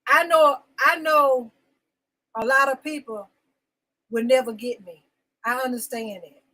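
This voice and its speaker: High, bright emotional woman host. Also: steady tone, measured pace, rough recording. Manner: emotional and insistent, repeating phrases; greets chat viewers by name. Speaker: talk show host. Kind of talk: live-stream venting monologue.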